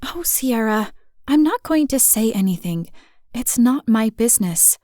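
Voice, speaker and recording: A woman voicing a composed young woman in an audiobook, speaking in measured, defensive tones. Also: a little high, animated, mellow, no echo, clean studio sound.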